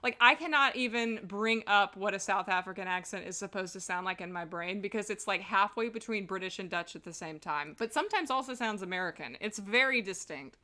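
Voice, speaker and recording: A woman's voice: mid-range voice, brisk, few pauses, bright, forceful tone. A woman streaming a game, chatting casually with rambling, giggly asides.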